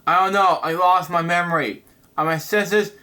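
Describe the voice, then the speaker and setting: A man reading the lines of a frightened stranger who has lost his memory and begs for help, in a plain, flat voice that stumbles now and then. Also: sits high, moderate pace. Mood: pleading.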